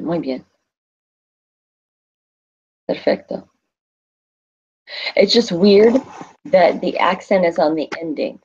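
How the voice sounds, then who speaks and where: A woman's voice: low voice, creaky, a little mellow, breathy edge, muffled recording. A woman teaching a Spanish class in a classroom, thinking aloud and quizzing her students.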